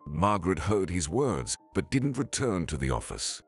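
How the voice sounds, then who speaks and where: A man narrating a scripted drama story in an even, storytelling way. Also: sits low, normal speed, hardly any pauses, husky. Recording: faint music behind.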